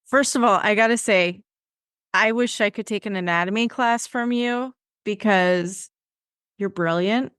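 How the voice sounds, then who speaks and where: A woman hosting a podcast interview, asking questions in a warm, admiring way. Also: medium pitch, measured pace, smooth, dry recording, clean studio sound. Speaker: podcast host.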